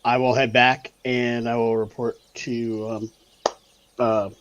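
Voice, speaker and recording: Hesitant player thinking out loud. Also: male voice, medium pitch, flat delivery, takes it slowly, muffled recording, background noise. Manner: hesitant, thinking aloud with many fillers. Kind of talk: playing a tabletop game over a voice call. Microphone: online voice call mic.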